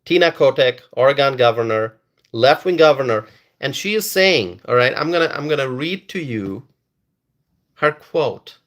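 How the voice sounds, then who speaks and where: A man's voice: medium pitch, animated, normal speed. A man doing live-stream commentary and reading viewer comments, emphatic and repetitive, often stalling and restarting words.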